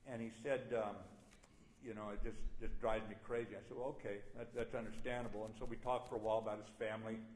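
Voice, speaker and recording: A man's voice: on the low side, flat delivery, fast, a little mellow, a little hiss or hum. An older man giving a plainspoken after-dinner speech, telling a war story with dry humor. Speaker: guest speaker. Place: banquet hall. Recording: roomy hall sound.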